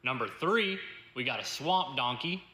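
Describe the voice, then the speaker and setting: A man slowly counts off a list of words. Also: mid-range voice, expressive, pushed and bright. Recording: echoey, noisy clip.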